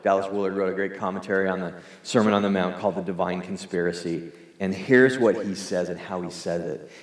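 A man preaching a sermon to his congregation in a conversational, earnest way, leading them in prayer. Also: fairly low pitch. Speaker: pastor. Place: church hall. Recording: echoey hall reverb.

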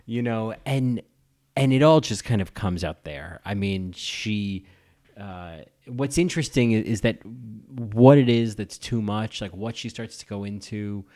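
A man's voice: lowish voice, a little slow, a little mellow. A man hosting a podcast, giving casual film commentary in an effusive, rambling way with many restarts. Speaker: podcast host.

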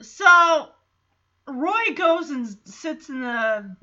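A woman's voice: sits high, animated, very slow, pushed and bright, highs cut off. A woman hosting a fan podcast, recapping a sitcom episode in a chatty, giggly way. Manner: chatty, giggly, quotes characters in little voices. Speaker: podcast host.

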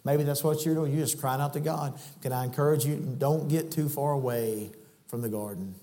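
Male preacher, folksy storyteller who climbs to fervent peaks, church hall reverb, mid-range voice. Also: normal speed. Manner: folksy storytelling that swells to loud, high-pitched preaching. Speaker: guest preacher. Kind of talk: sermon. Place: church sanctuary.

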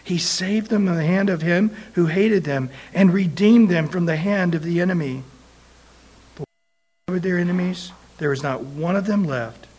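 A man preaching a sermon, telling a Bible story in an animated way and acting out the quoted voices of the people in it. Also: high voice, normal speed.

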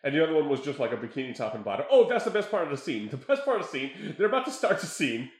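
A man with a slightly high voice tells stories in a loose, animated way and laughs often. The recording has a roomy echo. He talks in a casual chat. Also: rapid-fire.

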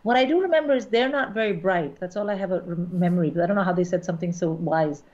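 A woman's voice: on the low side, fast talker, darkish tone. A middle-aged woman comedian telling a frank, wry story in casual conversation. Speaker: stand-up comedian, guest. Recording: dull lo-fi recording.

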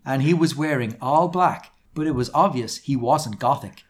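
Reading fan fiction with lively drama, a British comedy podcast co-host adds goofy put-on quotes. He speaks at a normal speed in a medium-pitched voice.

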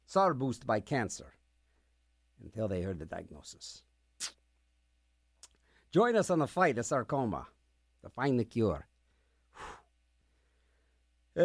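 Lively, rambling jokey male radio DJ. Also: a little high. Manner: rambling, jokey, sarcastic asides. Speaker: radio music show host. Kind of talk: casual DJ chat between songs.

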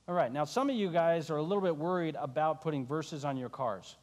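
A high-voiced man preaching to a congregation, his words ringing with the long reverb of a large hall. He tells the story in an animated way, slipping into the voices of the people in it. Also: fairly quick. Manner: animated, acting out the disciples' voices. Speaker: pastor. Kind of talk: sermon.

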